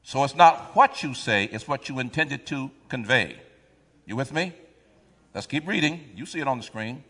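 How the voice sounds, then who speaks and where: A man preaching a sermon, reading scripture aloud and drawing the congregation in with call-and-response questions and sudden loud swells. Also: mid-range voice, lively intonation, moderate pace, husky, in a large hall.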